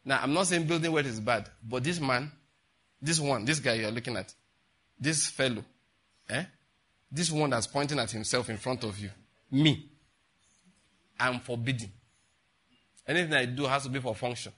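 An older man preaches. His voice is bright and forward but husky, and he keeps turning to the congregation with rhetorical questions. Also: mid-range voice, normal speed, pauses often. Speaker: pastor. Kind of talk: sermon.

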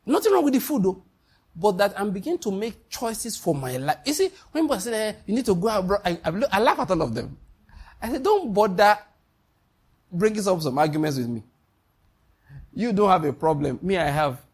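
Nigerian male preacher, husky and fairly high-pitched, emphatic, repeats points, quizzes listeners. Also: very animated, normal speed. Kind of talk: sermon.

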